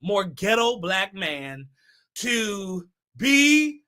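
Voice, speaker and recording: Woman from the Bay Area, talk show host, casual commentary, slow delivery, chatty, repeats words. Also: mid-range voice, sing-song, sharp tone. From San Francisco Bay Area. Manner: chatty, repeats words as she restarts, emphatic asides.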